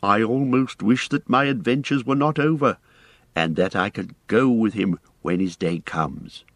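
A man voicing an elderly male hobbit, excitable and proud, with brisk, spirited declaiming. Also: fairly low pitch, dry recording. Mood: wry.

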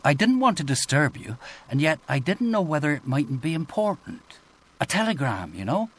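A man's voice: a little high, very animated, normal speed. A man voicing a big, anxious, rambling female nurse in an audiobook. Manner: hesitant, rambling.

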